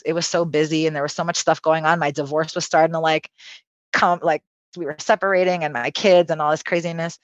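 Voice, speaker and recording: A spiritual healer appearing as a podcast guest tells a personal story, her low voice full of animated, profane energy as she acts out quotes. The recording is dry, with no room sound, and the highs are cut off.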